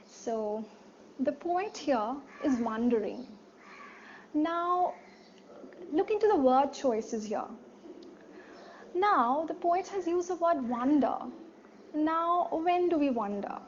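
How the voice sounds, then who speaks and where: High-pitched woman, literature teacher, methodical explainer; dull home recording, faint hiss. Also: expressive, takes it slowly, a little mellow. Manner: explanatory, repeats key words, asks rhetorical questions. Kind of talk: poetry analysis lesson.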